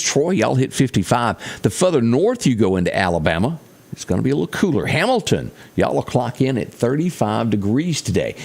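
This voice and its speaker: A man's voice: on the low side, a little mellow. A man with a Mississippi accent presenting a local morning weather report, chatting to viewers with folksy asides. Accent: Southern US, Mississippi.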